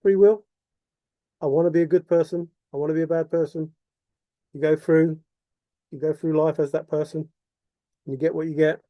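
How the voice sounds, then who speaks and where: A man's voice: a little high, fairly even intonation, normal speed, pauses often, dry recording, muffled recording. A man delivering an impassioned, repetitive monologue full of rhetorical questions. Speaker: vlogger.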